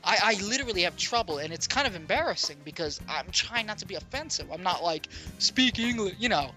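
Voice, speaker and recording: A man's voice: sits high, expressive, fast, sharp tone, faint music behind. A man co-hosting a casual podcast chat, rambling and poking fun at himself. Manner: self-deprecating, rambling. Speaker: podcast co-host.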